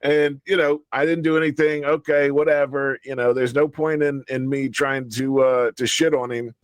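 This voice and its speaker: A man's voice: mid-range voice, flat delivery, normal speed, no echo. A man telling a story in casual chat, profane and heated, often laughing through his words. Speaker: show regular.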